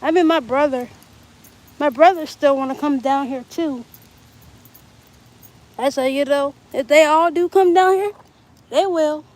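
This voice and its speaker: A woman's voice: sits high, a little slow, pauses often, rough recording. A young woman livestreaming outdoors, rambling casually and talking straight to her viewers. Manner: rambling, chatty, talks to viewers. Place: outdoors in bright sun.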